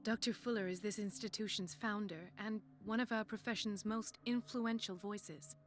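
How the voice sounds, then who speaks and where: A woman's voice: mid-range voice, steady tone, moderate pace, faint music behind, close to an everyday voice. An actress voicing a principled female doctor who speaks earnestly and firmly in a video game. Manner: earnest, firm. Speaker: physician.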